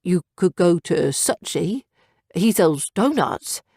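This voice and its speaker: A woman's voice: lowish voice, big pitch swings, slow, mellow, slightly rough, no echo, heavily acted. A woman voicing an awkward, kindly male trader, in a storybook audiobook. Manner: awkward and earnest.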